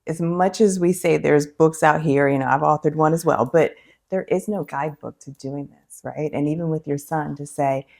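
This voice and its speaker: Guest: woman, very low husky voice, warm affirming counselor. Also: steady tone, normal speed. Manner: affirming, frequent agreeing interjections. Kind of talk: casual conversation.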